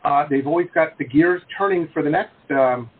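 An American man with a fairly high, husky voice hosts a casual video interview at normal speed, rambling and cracking jokes. The call audio is tinny with a faint hiss.

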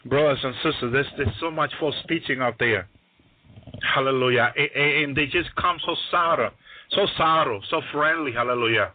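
A male preacher gives an excited testimony in a mid-pitched voice. He stammers and restarts his sentences, and he drops "hallelujah" between almost every phrase. The sound is narrow and dry, like a broadcast carried over a phone line. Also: no room sound. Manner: grows louder and more excited. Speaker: radio ministry preacher. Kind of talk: testimony sermon.

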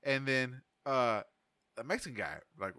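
A man's voice: mid-range voice, measured pace, pushed and bright, no echo, studio quality. A man co-hosting a casual podcast, swearing freely, laughing often and acting out the people in his stories. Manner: swearing, laughing, acts out quoted voices. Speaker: podcast co-host. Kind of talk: casual chat.

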